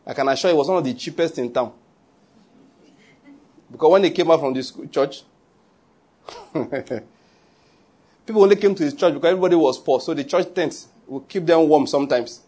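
A Nigerian man preaching in a loose, joking way, slipping into Pidgin now and then. His voice sits a little high for a man and has a husky, breathy grain. It sounds like a pastor talking straight to his congregation. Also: a little fast, pauses often, darkish tone. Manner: humorous, conversational preaching with Pidgin asides. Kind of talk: sermon.

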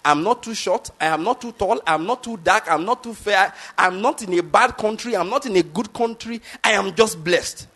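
Nigerian man, fifties, pastor, sermon, emphatic, repeats himself, high voice. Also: moderate pace, few pauses, pushed and bright. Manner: emphatic, repeats points, asks the audience if they follow.

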